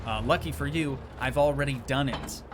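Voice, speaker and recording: A man's voice: mid-range voice, moderate pace, background noise. A man streaming a game live, chatting casually, joking and answering his chat as he plays.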